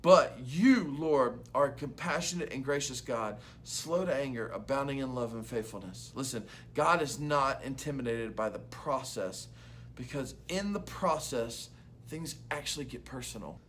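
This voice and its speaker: A young man preaching an earnest, conversational devotional sermon to students, slipping into quick acted-out voices. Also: mid-range voice, lively intonation, a bit bright, slight background noise. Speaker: youth pastor.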